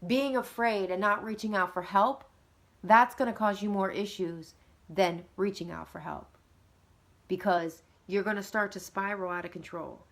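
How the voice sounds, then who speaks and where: A woman, likely in her thirties, talking earnestly and conversationally about parenting and getting help, with lively emphasis. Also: medium pitch, normal speed. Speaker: mother of two. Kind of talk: casual advice talk.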